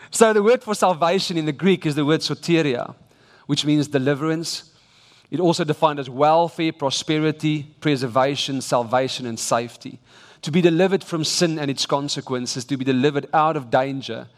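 A man's voice: fairly high pitch, normal speed. South African man preaching in an echoing hall. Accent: South African English. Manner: emphatic, exhorting delivery with frequent restarts. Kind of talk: sermon. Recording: long reverb of a large church hall.

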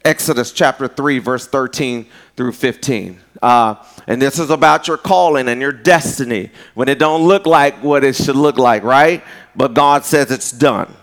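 A pastor preaching a sermon in a loose, conversational way, with folksy asides. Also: male voice, mid-range voice, moderate pace.

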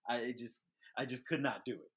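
Young man, podcast host, casual profane storytelling, animated. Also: mid-range voice, brisk. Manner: loose and profane, animated when retelling.

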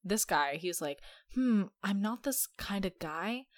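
A woman's voice: mid-range voice, lively intonation, a little slow, dry recording, clean studio sound. A young woman hosting a podcast, telling stories in a chatty, sarcastic way. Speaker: podcast host. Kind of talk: casual chat.

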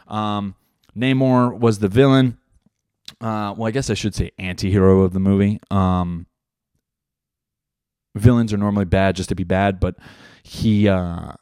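A young man with a low voice talks through his solo podcast in a loose, rambling way, swearing often and leaning on fillers. The sound is close and dry, with no room around it. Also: no echo. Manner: profane, rambling, animated with many fillers. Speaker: podcast host; stand-up comedian. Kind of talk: casual solo podcast chat. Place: home room.

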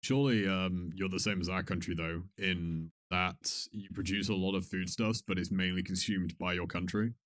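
Deep-voiced male podcast co-host, measured and hesitant, dry close sound. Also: steady tone, a bit bright, no room sound. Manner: measured, thoughtful, hesitant fillers. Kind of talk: casual podcast chat.

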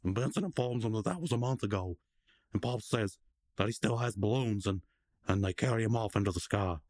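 A man's voice: fairly low pitch, brisk, a little mellow, no room sound, clean studio sound. A man casually recapping a cartoon episode as a podcast co-host, rambling and joking and acting out the characters' lines.

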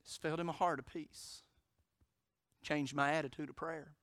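Male pastor, impassioned sermon, bright forceful tone, soft-to-loud swings. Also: a little high, steady tone, moderate pace, dry recording, clean studio sound. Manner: impassioned preaching, swinging from loud emphatic declarations to hushed storytelling.

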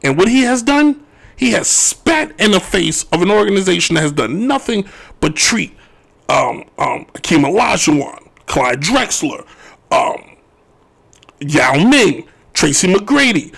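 A man hosting a sports talk radio show, ranting his opinions in an animated, joking way. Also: sits high, measured pace, gravelly, husky.

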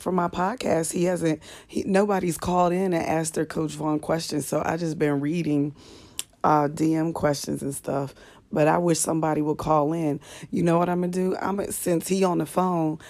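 Low-voiced woman ranting late at night. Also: darkish tone. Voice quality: low, slightly manly voice. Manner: profane, ranting, chatty. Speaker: comedian and podcast host. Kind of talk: casual late-night live chat. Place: bedroom in apartment at night, lying in the dark.

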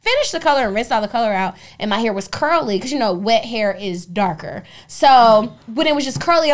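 Animated, foul-mouthed woman co-host. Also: on the high side, a little fast, few pauses. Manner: animated, profane storytelling. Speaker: podcast co-host. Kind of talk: casual chat.

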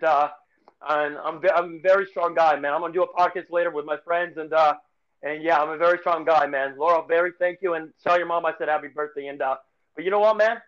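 A man co-hosting a casual sports podcast, talking in a halting, emotional way with many restarts and repeated words. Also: fairly high pitch, fairly even intonation, dull audio. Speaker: podcast co-host.

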